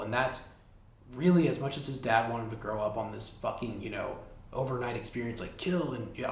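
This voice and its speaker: A man hosting a casual solo podcast, retelling a film plot in a rambling way, full of "like" and swearing. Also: mid-range voice. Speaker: podcast host. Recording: roomy backup recording with faint hiss.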